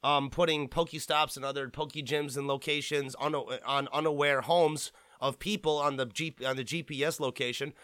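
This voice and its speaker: A man's voice: fairly high pitch, fairly even intonation, normal speed, few pauses, fairly bright tone, no room sound. A young man hosting a podcast, rambling and swearing freely as he rants and mocks. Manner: profane, rambling, mocking. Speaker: podcast host. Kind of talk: casual podcast rant.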